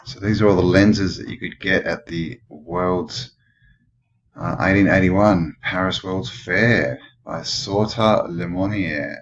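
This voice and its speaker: A man's voice: low voice, fairly even intonation, slow pace, muffled recording, a little hiss or hum. A man with an Australian accent who rambles and muses, asking questions as he comments casually on old photos. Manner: rambling, musing, full of questions. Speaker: channel host.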